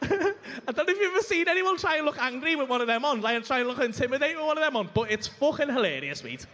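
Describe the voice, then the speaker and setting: A young man rattles through a stand-up story at high speed, his voice pitched fairly high for a man. He talks brashly, swears constantly and piles on asides as he goes. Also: sing-song, fast, bright, forceful tone, long reverb tail. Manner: brash, sweary, rambling anecdote full of asides. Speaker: stand-up comedian. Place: comedy club stage.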